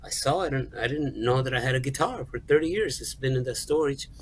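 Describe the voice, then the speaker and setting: Earnest, halting middle-aged man telling a story. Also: mid-range voice, a little hiss or hum, poor audio. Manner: earnest, halting, repeats words and acts out quoted dialogue. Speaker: guest songwriter and music store manager. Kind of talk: emotional personal storytelling in an interview.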